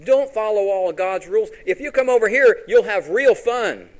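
A man's voice: high-pitched, expressive, moderate pace, pitched above the performer's own voice. A preacher voicing the devil as a sly male tempter who coaxes listeners away from God's rules. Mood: coaxing. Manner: coaxing, wheedling.

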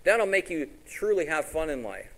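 A man's voice: on the high side, very animated, normal speed, vocal fry. A preacher voicing the devil as a sly male tempter who coaxes listeners away from God's rules. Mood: coaxing. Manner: coaxing, wheedling.

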